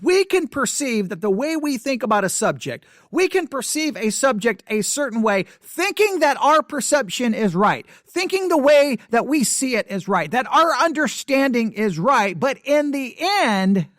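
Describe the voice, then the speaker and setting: A man's voice: very high-pitched, a bit bright, no room sound. A man hosting a live religious broadcast, talking in an agitated, emphatic and repetitive preacherly way, reading scripture aloud into a studio microphone. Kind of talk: live-streamed commentary with Bible reading.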